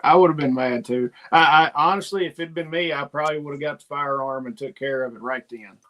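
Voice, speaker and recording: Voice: mid-range voice, fast, a bit bright. A podcast co-host chatting casually, giving sympathetic and joking replies. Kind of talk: casual chat.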